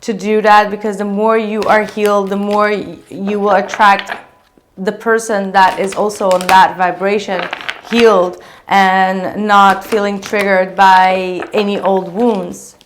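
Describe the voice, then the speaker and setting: Woman, tarot reader, casual and gushing, mid-pitched, lots of fillers. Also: level tone, measured pace, a little hiss or hum. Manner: chatty, gushing, many fillers.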